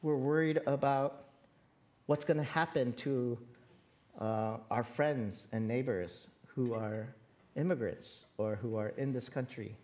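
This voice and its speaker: A woman's voice: extremely low pitch, takes it slowly, darkish tone. A woman pastor giving a sermon in an earnest, conversational way, calling out to her congregation. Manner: earnest, conversational preaching with direct appeals to the congregation.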